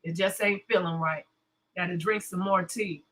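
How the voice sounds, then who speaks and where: A woman's voice: on the low side, steady tone, normal speed, fairly bright tone, rough recording. A woman hosting a casual commentary livestream, blunt and cussing, her voice strained from a sore throat. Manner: blunt, cussing, chatty, greets viewers. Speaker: livestream host.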